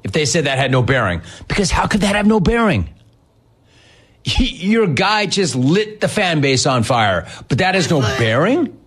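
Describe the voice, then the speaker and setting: A man's voice: fairly high pitch, sing-song, normal speed, fairly bright tone, husky. A man hosting a sports talk show, ranting in a sarcastic, mocking, incredulous way. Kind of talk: opinionated sports rant.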